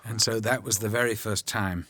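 An older male actor recording a film commentary, telling anecdotes in an animated way and voicing the people he quotes. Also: lowish voice, normal speed. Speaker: actor discussing his film. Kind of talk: commentary track chat.

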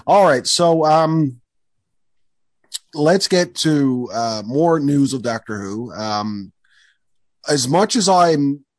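A man's voice: fairly high pitch, expressive, takes it slowly, pauses often, dry recording. A man hosting a podcast in casual chat, enthusiastic and rambling with lots of fillers. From Canada. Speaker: podcast host.

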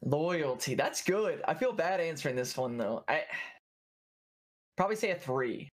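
A man's voice: on the high side, animated, normal speed. A man, a streamer chatting casually, rambling with lots of fillers and laughing often. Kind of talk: casual chat.

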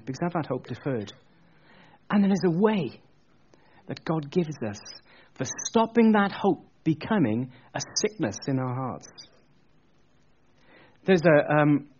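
A man preaching a sermon, telling a story in an animated, chatty way with jokey asides. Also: medium pitch, muffled recording, slight background noise.

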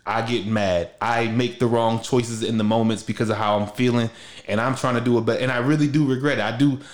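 A young man talks in a loose, slangy way, circling back and restarting his thoughts. His voice sits at a middle pitch. The room around him is echoey. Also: fairly even intonation, fairly quick. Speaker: podcast host. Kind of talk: casual heartfelt conversation.

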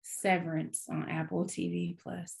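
A woman's voice: on the low side, level tone, gravelly, a little mellow. Emphatic teasing woman co-host. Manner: emphatic, teasing, quick to interject. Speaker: podcast co-host. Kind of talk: casual chat about TV shows.

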